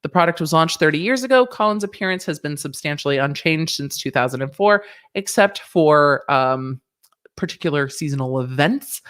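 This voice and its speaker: A woman's voice: deep voice, expressive, normal speed, a bit bright. Sassy woman hosting a legal chat. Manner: sassy, chatty, joking asides. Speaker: legal commentary host. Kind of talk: casual livestream talk.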